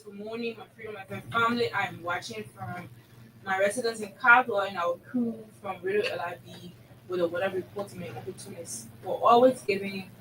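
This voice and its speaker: A woman's voice: medium pitch, recorded from a distance, noisy background. A woman hosting a radio show, steadily reading listener names and greetings aloud. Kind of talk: reading listener messages on air.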